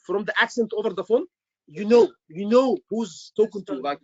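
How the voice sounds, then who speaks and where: A man's voice: high-pitched, animated, fairly quick, dry recording, muffled recording. A man tutoring students for a medical exam, emphatic and repeating his words. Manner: emphatic, repeats words, says "brother" often. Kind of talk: online teaching session.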